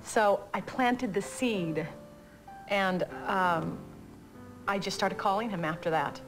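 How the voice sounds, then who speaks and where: A woman recounting an anecdote about a friend in an interview, brisk and amused. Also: mid-range voice, poor audio. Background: music.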